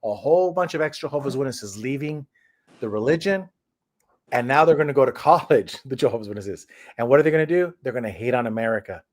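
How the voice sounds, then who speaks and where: A man's voice: medium pitch, lively intonation, quick pace. Rambling man host of a stream. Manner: rambling, with many restarts and fillers. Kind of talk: casual discussion.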